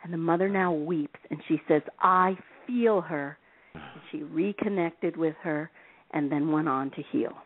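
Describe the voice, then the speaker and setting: A woman telling stories as a guest on a call-in show, lively and expressive, acting out the people in her stories and laughing often. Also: low-pitched, moderate pace, husky. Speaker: relationship advice author, guest. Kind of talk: animated storytelling on a call-in radio show. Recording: phone-line sound.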